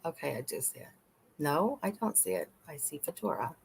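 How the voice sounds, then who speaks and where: A woman's voice: sits low, very animated, fairly quick, vocal fry, slight background noise. A woman hosting a casual live stream, chatty and laughing often, swearing freely and talking to her chat.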